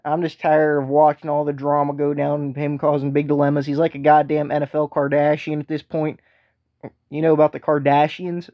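A swaggering, foul-mouthed co-host with a thick put-on accent, as a man does the voice, sitting a little high in pitch. He talks crude and belligerent, like he's itching for a fight, and the sound is dull and lo-fi. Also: completely flat delivery, a little fast, dry recording, lightly acted. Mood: brash, crude.

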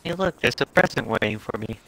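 Gravelly, bright-voiced man gaming. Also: medium pitch, animated, a little fast, rough recording. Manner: profane, laid-back banter. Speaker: streamer playing a co-op shooter. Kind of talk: casual gaming chat.

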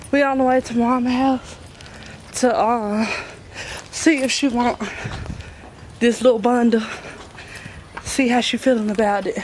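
A woman's voice: fairly high pitch, a little mellow, a little hiss or hum, rough recording. A woman in her twenties, chatting casually to her viewers in a loose vlog style. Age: 20s. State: out of breath at times. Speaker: vlogger.

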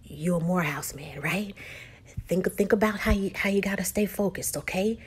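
A woman voices an intense older veteran father, his words low, urgent and half whispered. The voice is husky and pitched below the reader's own, with a steady, commanding press. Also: moderate pace. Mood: hushed, urgent.

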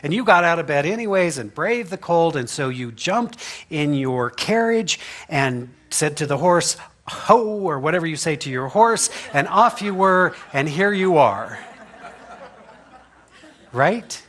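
Pastor, male, slightly higher voice, folksy humorous sermon delivery with frequent laughs and rhetorical "right?". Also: expressive, unhurried, a bit bright. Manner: chatty and humorous, laughs often, asks "right?". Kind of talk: conversational sermon. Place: church sanctuary.

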